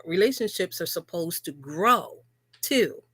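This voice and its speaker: A woman's voice: lowish voice, animated, unhurried, a bit bright, slightly rough, no room sound. A woman co-hosting a live talk about relationships, speaking earnestly and repeating key phrases for emphasis. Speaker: co-host.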